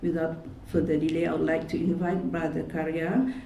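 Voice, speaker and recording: Low-voiced woman emceeing, distant and echoey. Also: flat delivery, normal speed, gravelly, mellow, a little hiss or hum. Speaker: master of ceremonies. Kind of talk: formal event hosting. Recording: echoey room, distant from the mic.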